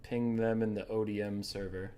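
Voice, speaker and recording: A man's voice: fairly low pitch, level tone, normal speed, dark tone. A young man co-casting a game tournament, chatting casually, joking and laughing often. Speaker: co-caster.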